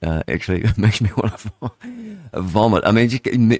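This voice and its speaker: A man's voice: on the low side, wildly swooping pitch, moderate pace, darkish tone, dry recording. Rambling New radio host, older man. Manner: rambling, chatty, thinks aloud. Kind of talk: casual radio chat, reading headlines aloud. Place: radio studio.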